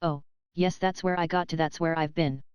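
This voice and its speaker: A woman reading the part of a gentle, vague elderly Englishwoman in an audiobook. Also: sits low, steady tone, moderate pace, clear, resonant tone, no room sound, clean studio sound, natural voice. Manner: mild, musing.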